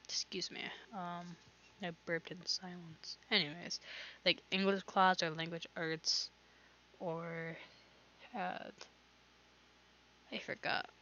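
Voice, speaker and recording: A woman's voice: on the low side, little pitch movement, slow, long pauses, pushed and bright, lo-fi sound. A teenage girl hosting her own podcast, chatting casually and rambling with lots of fillers and restarts. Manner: rambling, filler-heavy, self-interrupting. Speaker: podcast host. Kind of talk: casual solo podcast chat.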